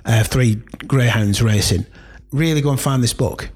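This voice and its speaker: A man's voice: medium pitch, normal speed, darkish tone, breathy edge. A man chatting casually, enthusiastic and rambling with many fillers. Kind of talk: casual chat.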